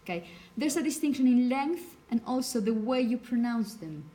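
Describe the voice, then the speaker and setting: A woman's voice: on the high side, expressive, normal speed, warm tone. A woman whose first language is Spanish, teaching a phonetics lecture to a class and checking in with "okay?" as she explains.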